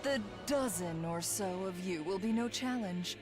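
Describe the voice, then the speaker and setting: Brief: a woman playing a cruel, pompous game villainess, slow and deliberate, with music behind. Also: lowish voice, close to an everyday voice. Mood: gloating. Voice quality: pompous, grandiose. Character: arrogant cruel villainess taunting enemies, adult woman. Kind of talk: game voice acting.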